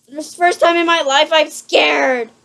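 Scared woman gamer at home, high voice, jumpy and apologetic. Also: steady tone, a little slow, creaky, fairly bright tone. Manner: jumpy, apologetic and easily frightened. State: frightened. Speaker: gaming channel host. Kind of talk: horror game commentary. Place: room at home, indoors.

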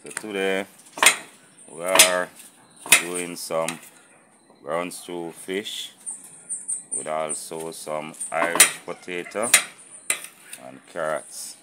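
A Jamaican man with a remarkably deep voice hosts his outdoor cooking channel. He talks to his viewers in a loose, patois-flavoured way. Frying sizzle and the clatter of pots carry clearly behind him. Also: steady tone, slow pace, long pauses, very noisy. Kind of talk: casual cooking vlog. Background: frying sizzle and pot clatter.

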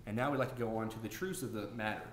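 A man's voice: on the low side, very fast, a little hiss or hum. A man preaching a sermon, earnest and building to emphatic exclamations, recorded in a church sanctuary. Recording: echoey church room, faint ambience.

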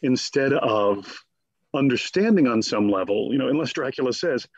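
A man in a conversational interview as a guest scholar, talking in an animated, digressive way and slipping into quick mock voices. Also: medium pitch, husky, no room sound, highs cut off.

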